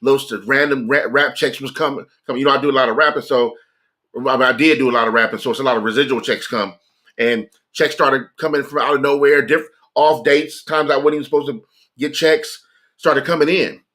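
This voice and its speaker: A man's voice: medium pitch, steady tone, a little fast, sharp tone. A man on a livestream telling a heartfelt personal story in a casual, earnest way, often repeating phrases for emphasis. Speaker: livestreamer sharing a personal testimony.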